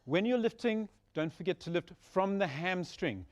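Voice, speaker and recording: Higher-voiced man cueing a Pilates class. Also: normal speed. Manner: steady breath-paced cueing, encouraging. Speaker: Pilates instructor. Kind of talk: guided exercise instruction.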